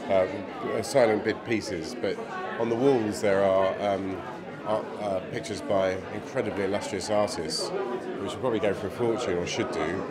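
A man guest in a casual interview, speaking hesitantly with many halting pauses. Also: lowish voice, steady tone. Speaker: event guest. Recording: loud crowd chatter around.

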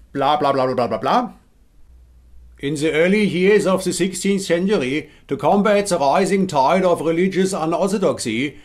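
A man with a Hessian German accent playing a pompous, bumbling male inquisitor who declaims loudly and trips over his own lines. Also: high voice. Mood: declaiming.

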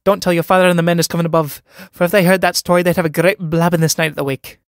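Nervous, awkward young suitor, voiced by a male reader; hesitant and uneasy, fairly high. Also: fairly even intonation, a little fast, clean tone, dry recording, clean studio sound, lightly acted. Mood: timid. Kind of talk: dramatic play reading.

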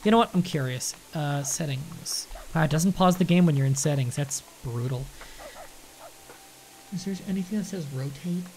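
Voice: mid-range voice, moderate pace, darkish tone, a little hiss or hum. A streamer chatting casually while playing a game, thanking viewers and swearing freely. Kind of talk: casual live-stream chat.

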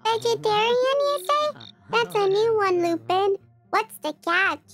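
A menacing masked slasher killer, voiced by a man in a video game speaks slowly and suspiciously. His voice sits strangely high. Faint game music plays behind it. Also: fairly even intonation, a bit bright. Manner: threatening, suspicious. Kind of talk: AI-generated game character dialogue.

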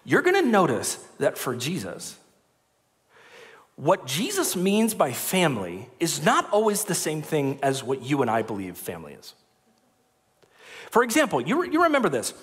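A man's voice: a little high, normal speed. A man preaching a sermon in a church, joking and chatty as he explains scripture. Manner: lively, joking, conversational preaching. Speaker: pastor. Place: church sanctuary. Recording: long reverb of a large church hall.

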